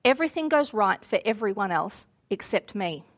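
A woman's voice: mid-range voice, very animated, moderate pace. A woman voicing a weary young boy who feels sorry for himself, in a plaintive storybook reading. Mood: self-pitying.

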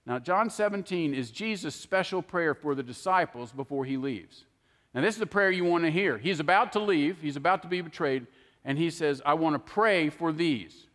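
A man delivers a sermon in an earnest, emphatic teaching manner. His voice sits a little higher than most men's. It rings out with a long hall reverb. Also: normal speed, a bit bright. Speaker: preacher.

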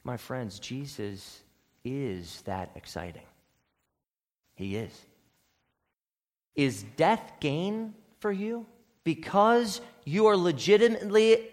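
Brief: middle-aged male pastor, fairly high voice, earnest conversational sermon, long church reverb. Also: slow pace, pauses often, a little mellow. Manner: earnest, conversational preaching with rhetorical questions. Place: church sanctuary.

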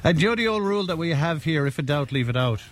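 A man's voice: a little high, animated, quick pace. A middle-aged Irish man hosting a casual chat show, joking, laughing often and reading out listener messages. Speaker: radio host.

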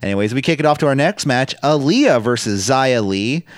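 A man's voice: medium pitch, expressive, brisk, no room sound. A man co-hosting a podcast, casually recapping wrestling matches, swearing and laughing now and then. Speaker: podcast co-host.

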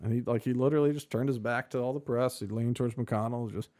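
A man's voice: medium pitch, steady tone, quick pace, mellow. A man co-hosting a podcast in casual chat, rambling and sarcastic with many fillers. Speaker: podcast co-host.

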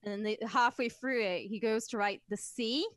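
A woman's voice: on the high side, normal speed, no room sound. A woman from England, co-hosting a comedy podcast and telling stories in a blunt, profane way. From northern England. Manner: profane, blunt, animated storyteller. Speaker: podcast co-host. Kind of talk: casual comedic chat.

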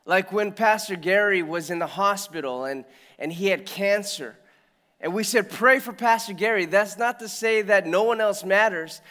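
A male pastor preaching a sermon in an earnest, reflective way, often sighing and letting phrases trail off quietly. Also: sits high, moderate pace, long reverb tail.

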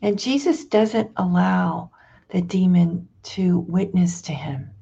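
A woman leads a prayer and scripture reflection in a low, gravelly and husky voice. She speaks slowly and thoughtfully, pausing and restarting as she goes. The recording sounds dull and lo-fi. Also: mellow. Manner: slow, reflective, with hesitant restarts. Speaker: prayer leader.

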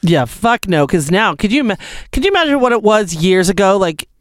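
A man chatting as co-host in a casual gossip talk, animated and campy. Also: high-pitched, brisk, dry recording, studio quality. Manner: animated, campy, quotes celebrities in put-on voices. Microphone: headphones and remote mic.

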